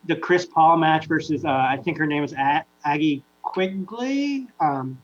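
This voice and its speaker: A man's voice: on the high side, animated, measured pace, dull audio, slight background noise. A man from Canada, a guest on a panel, chatting in an easygoing way. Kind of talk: casual panel chat.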